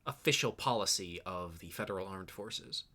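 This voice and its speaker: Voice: low voice, normal speed, crowd noise, close to an everyday voice. A man playing a stern senior male military officer in a tabletop role-play, speaking in a formal, lecturing way.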